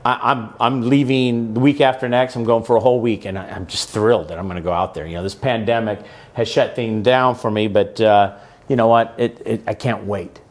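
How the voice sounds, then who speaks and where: A man's voice: on the low side, steady tone, fairly quick. A man in his fifties hosting a casual podcast interview, talking with enthusiasm and rambling through restarts. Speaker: podcast host.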